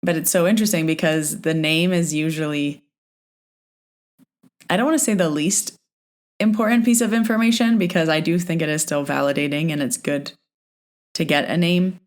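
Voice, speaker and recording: A woman with a notably low voice hosts her own podcast as a medium. She tells stories in a loose, chatty way, often retelling back-and-forth exchanges. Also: steady tone, moderate pace, pauses often. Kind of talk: casual podcast storytelling.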